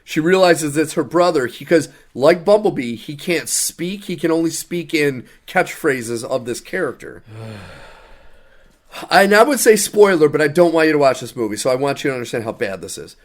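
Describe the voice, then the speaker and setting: A man co-hosting a casual podcast, ranting about a film he hated. His voice sits a little high for a man, and he talks in an exasperated, sarcastic way. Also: animated, moderate pace. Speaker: podcast co-host. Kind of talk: casual podcast movie review.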